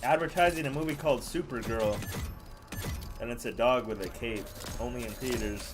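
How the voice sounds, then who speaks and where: A man's voice: medium pitch, moderate pace, noisy background. A man live-streaming a game while ranting casually, swearing freely and tacking "dude" or "bro" onto nearly every phrase in a mocking, scornful tone. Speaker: gaming streamer.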